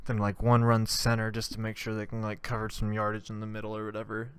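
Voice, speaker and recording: Rambling profane man, smooth dry voice. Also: on the low side, monotone, quick pace, a bit bright, no echo. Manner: rambling, profane, acts out scenes. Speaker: podcast host. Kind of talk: comedic monologue.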